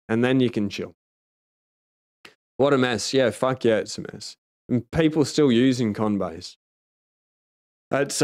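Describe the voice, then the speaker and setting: A man's voice: medium pitch, clear, resonant tone. A man with an Australian accent hosting a casual livestream, chatting and reacting to viewer comments in a blunt, heavily profane, emphatic way. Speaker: livestream host.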